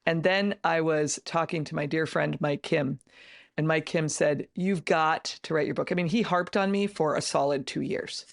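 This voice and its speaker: A woman's voice: low voice, fairly even intonation, normal speed, vocal fry, no room sound, clean studio sound. A middle-aged woman, an author and entrepreneur, speaking as a podcast guest in an emphatic, earnest way with many restarts. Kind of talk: casual interview conversation.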